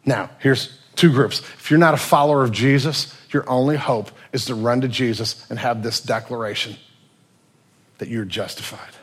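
A male pastor preaching a sermon, telling stories with lively swings between loud and quiet passages. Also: mid-range voice, normal speed, husky.

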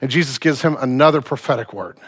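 A man preaching a sermon, retelling a story in casual slang and swinging from loud to hushed. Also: medium pitch, fast talker, husky.

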